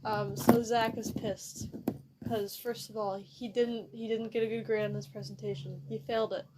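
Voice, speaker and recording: A woman's voice: a little high, little pitch movement, normal speed, background noise. Woman rambling thru a goofy made-up story, giggly, keeps forgetting stuff. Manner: giggly, rambling, loses track and restarts. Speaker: storyteller in a narrative telephone game. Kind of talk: improvised comic storytelling.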